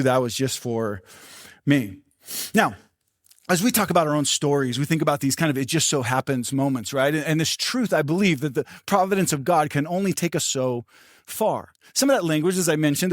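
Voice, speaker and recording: Animated older male pastor preaching. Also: fairly high pitch, dry recording, studio quality. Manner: animated storytelling, acts out quoted voices. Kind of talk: sermon.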